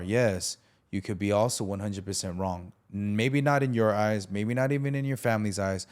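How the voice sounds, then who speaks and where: A man with a fairly low voice hosts a podcast and tells a story with energy. He acts out the people in the story as he goes. He talks into a studio mic. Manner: animated storyteller acting out the people in his story. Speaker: podcast host.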